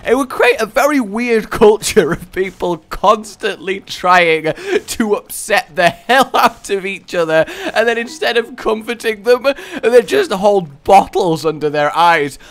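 A man's voice: high-pitched, expressive, a little slow, a bit bright. A young man giving casual gameplay commentary as a video host, rambling playfully through silly tangents. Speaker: let's play host.

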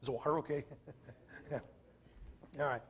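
A man's voice: medium pitch, steady tone, unhurried, fairly bright tone, slight background noise. A man preaching a revival sermon, telling a personal story and then reading scripture with rising emphasis. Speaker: guest preacher.

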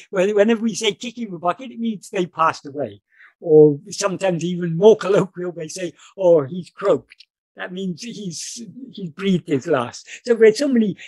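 A man teaches over a video call in a measured, explanatory way, pausing on fillers and restarting his sentences. His voice sits a little high for a man. The sound is dry, with no room echo. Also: a little mellow. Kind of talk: spiritual talk on a video call.

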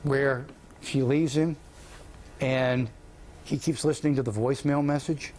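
A man's voice: medium pitch, fairly even intonation, a little slow, a little mellow, a little hiss or hum. Chatty male host. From Kentucky. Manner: chatty, joking. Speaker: TV morning show host. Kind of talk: casual interview chat.

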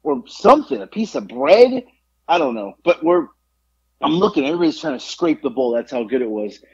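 Animated man telling a story, husky voice. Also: on the high side, a little fast, lo-fi sound. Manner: animated storyteller, acts out quotes, swears freely. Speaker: podcast co-host. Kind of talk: casual podcast chat.

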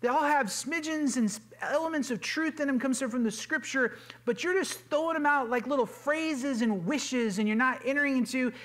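A pastor delivers a sermon in a loose, conversational way, his voice sitting high for a man. He is earnest and informal, often doubling back on words and filling gaps with casual asides. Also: moderate pace, few pauses, fairly bright tone. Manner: informal and earnest, with frequent fillers and repeated words. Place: church sanctuary.

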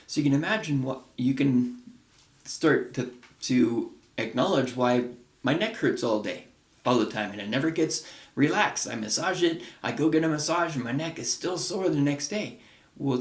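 A middle-aged man talks through ideas in a loose, rambling teaching style, circling back and restarting his sentences. His voice sits at a mid pitch and carries a noticeable room echo. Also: normal speed. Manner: relaxed, rambling, with restarts and fillers. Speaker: wellness podcast host. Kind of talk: casual teaching talk.

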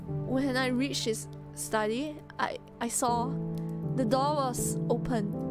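A small, gentle orphan girl speaks in a high, halting voice, fighting back tears as her words falter, as a woman reading aloud puts her on. Her soft storybook voice sits over clear music in the background. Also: natural voice.

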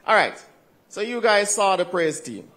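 Co-host, dry and teasing, mid-pitched speaking voice. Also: big pitch swings, normal speed, fairly bright tone. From Jamaica. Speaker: co-host of a church service. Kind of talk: stage emceeing and introductions.

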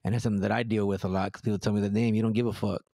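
A man's voice: lowish voice, little pitch movement, rapid-fire, creaky, dark tone, dry recording. A man on a podcast talking bluntly and directly, swearing freely and restarting his words often. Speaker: podcast guest. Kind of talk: blunt casual chat.

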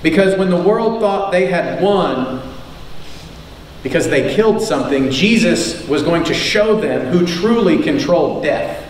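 A man with a high voice preaches to a congregation, driving his points home by repeating them and asking rhetorical questions. He sounds distant from the microphone in a very echoey church, with a faint hiss behind him. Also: lively intonation, a little slow. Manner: emphatic, repeats key lines, asks rhetorical questions. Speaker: preacher and teacher. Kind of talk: sermon. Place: church sanctuary. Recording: echoey room, far from the mic, faint noise.

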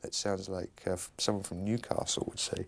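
Amused musician musing aloud. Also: male voice, deep voice, level tone, normal speed, vocal fry. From England. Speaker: musician and producer. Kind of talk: interview commentary.

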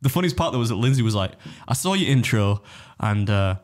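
A man on a podcast rattles through stories in a lowish voice, slipping into quick put-on voices to quote people. He talks at a brisk clip and swears freely. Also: expressive, slight background noise. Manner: rapid anecdotal storytelling, acting out others' quotes. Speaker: podcast co-host and competitive eater. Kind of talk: casual podcast chat.

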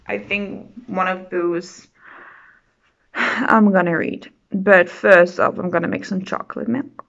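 A woman chatting casually in her reading vlog, bubbly and excitable, rambling with restarts and little laughs. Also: fairly low pitch, takes it slowly, dull audio. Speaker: book vlogger.

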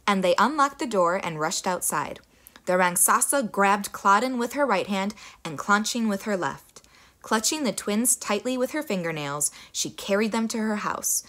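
A young woman reads a children's folktale aloud, with her voice rising and falling freely from line to line. Her delivery is expressive and animated, made for young listeners. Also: medium pitch, normal speed. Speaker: storyteller. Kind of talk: children's story read aloud.

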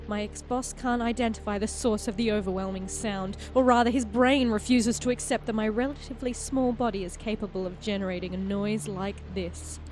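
A woman hosting a game playthrough, reading the story text aloud with expressive, storytelling delivery. Between passages she chats casually in a mid-range voice. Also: medium pitch. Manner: expressive storytelling narration, quick to laugh. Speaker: player and host of a game playthrough.

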